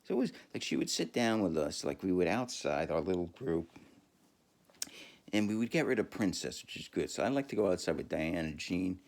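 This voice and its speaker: A man's voice: deep voice, sing-song, a little fast, darkish tone. A man podcaster telling a rambling, profane story in a casual monologue, full of fillers and laughing at himself.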